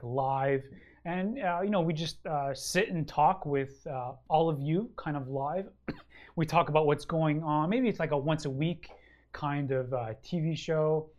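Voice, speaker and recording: A man's voice: fairly high pitch, measured pace, darkish tone, highs cut off. A man co-hosting a casual wargaming chat show, answering a listener's question in a rambling, enthusiastic way full of ums and uhs. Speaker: regular co-host of a wargaming show.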